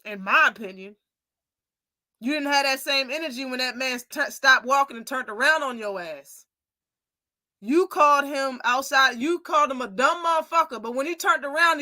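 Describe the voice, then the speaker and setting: With a high-pitched voice and no room sound, a young adult woman hosts a casual live commentary show. She is opinionated and animated, voicing the quoted lines as she tells them.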